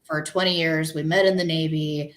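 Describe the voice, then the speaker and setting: A woman's voice: low-pitched, fairly even intonation, moderate pace. A middle-aged woman guest in a casual chat, speaking earnestly and from the heart, with many "like"s. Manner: earnest, heartfelt, filler-heavy. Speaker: show guest.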